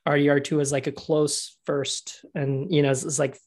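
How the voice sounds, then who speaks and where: A man co-hosting a podcast in casual chat, excitable, laughing often and restarting his sentences. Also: on the high side, moderate pace. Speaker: podcast co-host.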